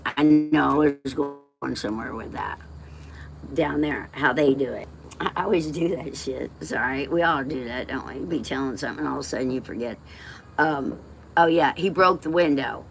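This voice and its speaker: A woman's voice: a bass voice, moderate pace, gravelly, slight background noise. A woman from West Texas, livestreaming and telling rambling personal stories in a blunt, emotional way, swearing freely and drifting off topic.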